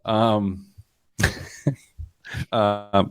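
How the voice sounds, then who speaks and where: A man hosting a money podcast in casual chat, joking and animated. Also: on the low side, clear, resonant tone, no room sound, clean studio sound. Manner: joking, animated, quick asides. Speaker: podcast host.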